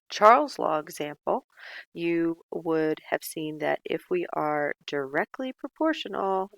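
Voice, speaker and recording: A woman's voice: low-pitched, gravelly, no echo. A woman teaching chemistry in a casual, chatty lecture with self-mocking asides.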